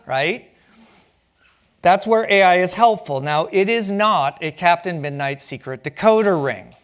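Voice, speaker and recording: A man's voice: high-pitched, animated, a little slow, clear, resonant tone, muffled recording. A man giving a public lecture on stage, telling stories with a playful, joking manner. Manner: playful storytelling with jokes. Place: stage at a community arts center.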